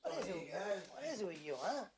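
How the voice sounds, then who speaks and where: A hotheaded mocking gangster. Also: male voice, high-pitched, sing-song. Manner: fast, swearing, mocking threats. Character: hotheaded young gangster, menacing joker. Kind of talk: film dialogue.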